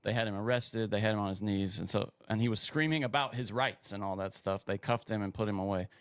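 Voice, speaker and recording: Blunt, sarcastic low-voiced man. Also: steady tone, fast talker, clear, resonant tone, no echo, clean studio sound. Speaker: podcast co-host. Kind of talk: casual podcast chat.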